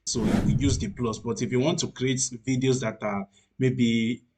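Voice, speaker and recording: A man's voice: mid-range voice, steady tone, moderate pace, noisy background. A man casually explaining pricing plans, hesitant and full of fillers. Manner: hesitant, many fillers and restarts. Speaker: tutorial presenter.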